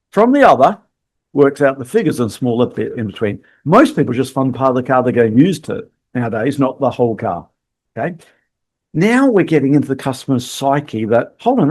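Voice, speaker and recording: Very animated yet at a normal speed, his mid-range voice has a slightly mellow quality. He's a podcast host and sales coach giving a monologue, performing quick customer and salesperson lines as examples.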